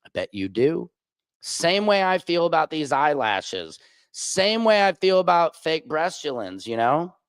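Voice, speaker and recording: A man hosting a livestream and talking in a crude, rambling, profane way, with big swings in pitch. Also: sing-song, measured pace, clear, resonant tone, no room sound, studio quality. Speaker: streamer host. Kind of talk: casual livestream monologue.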